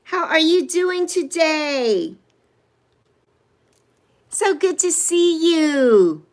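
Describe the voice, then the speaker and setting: Effusive sixties woman, high lively voice. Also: drawn-out words. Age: 60s. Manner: effusive, greets viewers by name with squeals of delight. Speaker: livestream host. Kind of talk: casual livestream greetings to chat.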